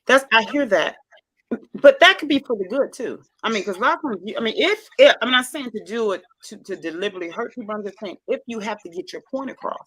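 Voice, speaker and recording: A woman's voice: a little high, fast, breathy edge. Effusive Southern woman hosting a chat. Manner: effusive, repeats herself; loud and expressive by her own account. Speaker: talk show host. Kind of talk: casual podcast chat.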